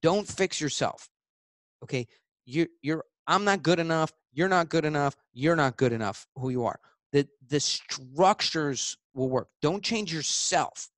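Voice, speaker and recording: A man's voice: expressive, a little slow, fairly bright tone, no echo. Blunt, emphatic man with a dry sound. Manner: emphatic, blunt, swears, acts out both sides of a pitch. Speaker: author and sales expert guest. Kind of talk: animated interview talk acting out sales pitches.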